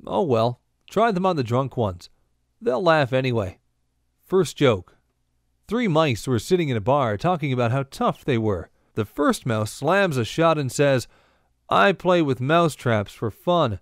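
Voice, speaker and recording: A man reads scripted bar tricks and jokes in a deadpan way, though his pitch moves a lot. The recording is dry and close. His pitch sits in the middle. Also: a little slow, no echo. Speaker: bartending instructor. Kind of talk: scripted instructional narration.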